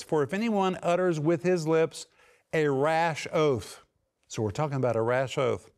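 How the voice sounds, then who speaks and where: A man teaching from the Bible, explaining Greek word meanings step by step and slowing down with emphasis on quoted verses. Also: medium pitch, darkish tone. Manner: emphatic, slows and rises for quoted scripture and key words.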